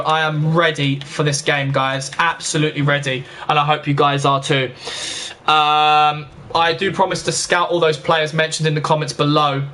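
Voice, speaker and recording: Young gaming host, high and bright, talks to viewers like mates, short-fused. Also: male voice. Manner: chatty, talks straight to viewers, quick to get annoyed. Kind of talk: casual let's-play commentary.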